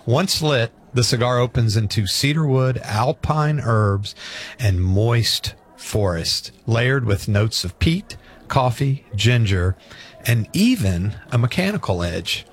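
A man with a middle-pitched voice, reading a cigar's tasting notes item by item. His delivery is slow and deliberate, in a relaxed, chatty setting. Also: husky. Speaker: cigar review co-host.

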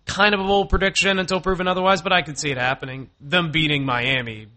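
A man co-hosting a sports radio show, giving measured, analytical takes on football. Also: on the high side, fairly even intonation, pushed and bright. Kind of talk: sports talk banter.

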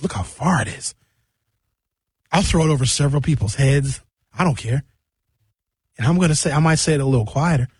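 A young man hosting a radio show, chatting casually with jokes and quick tangents. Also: a little high, husky, no echo. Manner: animated, jokey, jumps between tangents. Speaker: radio host.

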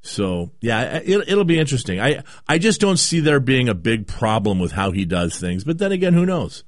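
A man talks sports on the radio in a loose, rambling way, stopping and restarting his thoughts. His voice sits at a middling pitch and sounds dry and close to the mic. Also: sing-song, normal speed, no room sound. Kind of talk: casual sports talk.

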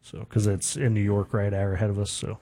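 A man co-hosting a local radio show, reading sports and community news in a relaxed way with fillers. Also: on the low side, a little fast, no echo. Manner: relaxed, reads items with fillers. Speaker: radio co-host.

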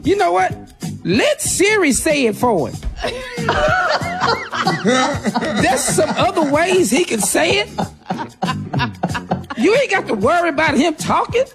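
A woman's voice: high voice, very animated, slow, pauses often, loud music behind the voice. A woman co-hosting a radio show in casual banter, joking and laughing often as she gives advice. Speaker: co-host giving advice.

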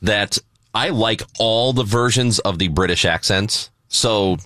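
A man co-hosting a talk radio show in the studio, telling stories in a lively, casual way. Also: on the low side, measured pace, no echo. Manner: lively storyteller, laughs easily. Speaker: radio co-host. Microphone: studio microphone.

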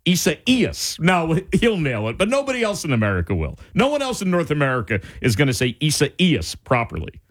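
A man hosting a radio talk show, chatting casually in an animated, rambling way with restarts. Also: on the high side, a little fast, hardly any pauses. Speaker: radio host.

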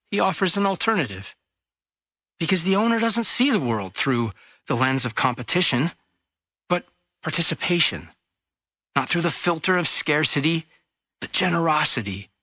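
Lively bright-voiced man reading scripture. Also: on the high side, dry recording. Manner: expressive storytelling delivery. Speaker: Bible teacher.

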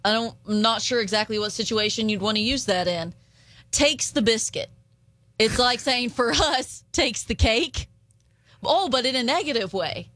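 A woman's voice: on the high side, moderate pace, fairly bright tone, no echo. A woman with an Appalachian accent co-hosting a casual podcast chat, giggling often as she reads out phrases. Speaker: podcast co-host.

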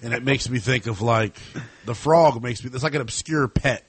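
A man's voice: mid-range voice, moderate pace, husky, dry recording. A man hosting a sports talk show, talking loosely and animatedly about basketball and trading jokes. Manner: animated, loose and chatty, laughs often.

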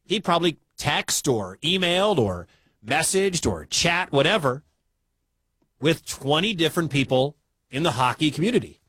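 A man's voice: fairly high pitch, big pitch swings, moderate pace, a bit bright, husky, dry recording. A man from the Midwestern US hosting a sports talk radio show, chatty and incredulous.

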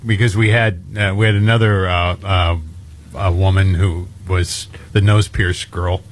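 A man co-hosting talk radio, telling a story in an animated way. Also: low-pitched, measured pace, slight background noise. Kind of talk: casual chat.

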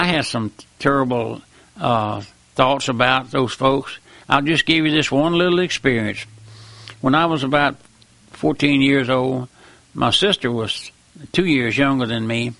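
A man's voice: mid-range voice, creaky, bright, forceful tone, no echo. A middle-aged man preaching a sermon in a folksy, earnest way, often repeating phrases.

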